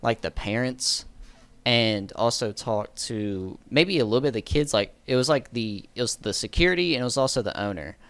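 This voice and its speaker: A man's voice: mid-range voice, animated, moderate pace, a bit bright, clear, resonant tone, no room sound. A man telling a story in a casual storytime monologue, rambling, correcting himself and laughing at his own story. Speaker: storyteller vlogger.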